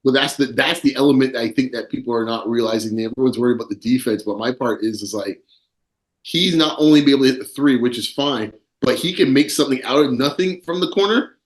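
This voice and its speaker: A man hosting a casual basketball podcast, talking quickly with lots of asides and frequent laughs. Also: mid-range voice, roomy sound. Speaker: podcast host. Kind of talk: casual sports chat.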